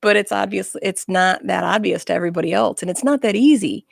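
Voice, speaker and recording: A woman's voice: medium pitch, fast talker, vocal fry, dry recording. A woman guest speaking frankly and bluntly in a casual interview chat, with self-mocking humor, in a small studio.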